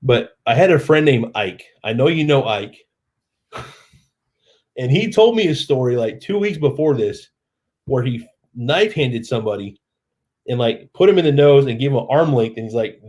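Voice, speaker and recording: A man hosting a live stream, telling a long, rambling story in a relaxed, self-deprecating way and acting out the lines of the people in it. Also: medium pitch, moderate pace.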